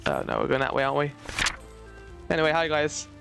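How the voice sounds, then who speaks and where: A woman giving playful, excitable let's-play commentary between reading game dialogue aloud. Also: deep voice, fairly quick, gravelly, over music. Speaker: game streamer.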